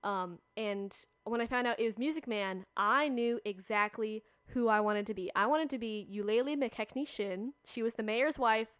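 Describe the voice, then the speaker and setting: A young woman, a podcast guest, telling stories in a chatty, animated way with many fillers. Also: on the high side, normal speed, few pauses, smooth, no room sound, dull audio. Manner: chatty, animated storytelling with frequent "like". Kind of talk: casual chat.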